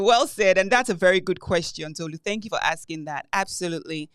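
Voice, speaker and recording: A woman co-hosting a podcast in casual chat, animated and telling stories with heavy emphasis. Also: mid-range voice, a little fast, few pauses, clear, resonant tone, no room sound. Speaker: podcast co-host.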